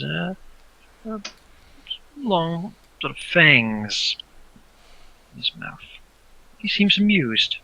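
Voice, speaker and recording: A man's voice: fairly high pitch, lively intonation, slow, vocal fry, long pauses, pushed and bright, a little hiss or hum, poor audio. A man narrating a tabletop game as game master, describing scenes hesitantly with many fillers.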